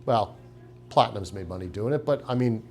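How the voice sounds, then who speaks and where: A man's voice: lowish voice, a little fast, a little mellow. A middle-aged man giving a business training talk to clinic owners, emphatic and punchy, with rhetorical questions. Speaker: practice consultant.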